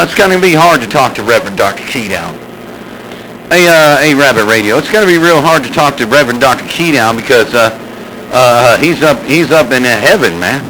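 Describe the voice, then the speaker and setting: Bright, rambling CB radio man. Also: medium pitch, slight background noise, low-quality recording. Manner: rambling, repeats a "crazy, crazy" catchphrase, teasing. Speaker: CB radio operator and channel host. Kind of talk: casual radio banter.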